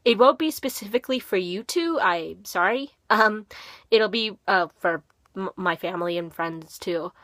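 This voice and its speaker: A woman's voice: mid-range voice, moderate pace, fairly bright tone, no room sound. A teenage girl from Minnesota with a slight Minnesotan accent, chatting casually in a rambling, filler-heavy way for her vlog. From Minnesota, USA. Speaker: vlogger. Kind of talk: casual talking-to-camera vlog.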